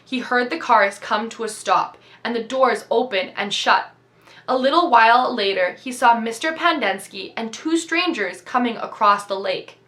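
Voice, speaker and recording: Woman storyteller, bright and crisp, reading aloud with steady expression. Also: on the high side. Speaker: reader.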